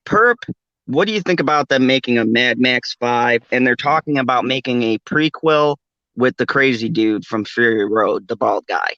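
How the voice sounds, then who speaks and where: A man's voice: medium pitch, lively intonation, normal speed, pushed and bright, no echo, lo-fi sound. A man hosting a casual late-night chat, rambling and laughing often. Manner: laughs often, rambling, does a mock Australian accent. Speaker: podcast host.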